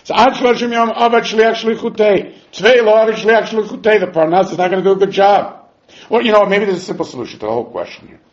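A man's voice: high voice, fast talker. A man teaching a Talmud class, arguing both sides of the question in quoted voices. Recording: echoey room, dull lo-fi sound.

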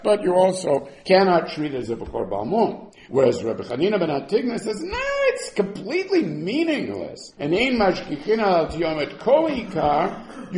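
Animated man teaching Talmud, echoey room. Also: high voice. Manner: animated, rhetorical back-and-forth questioning. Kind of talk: Talmud study lesson.

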